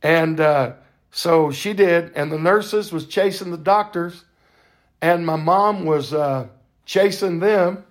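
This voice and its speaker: An older man hosting a podcast, telling a faith testimony in a fervent, preacher-like way with drawn-out emphasis. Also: on the high side. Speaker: podcast host.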